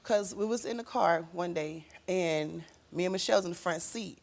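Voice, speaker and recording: Telling an emotional tale on a talk show, this woman guest has a creaky voice and a moderate pace. She acts out quotes with abrupt, loud, high bursts.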